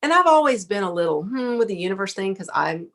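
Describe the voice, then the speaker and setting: A middle-aged woman, a podcast guest, telling a lively story, laughing often and acting out what people said. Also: medium pitch, fast. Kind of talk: casual storytelling interview.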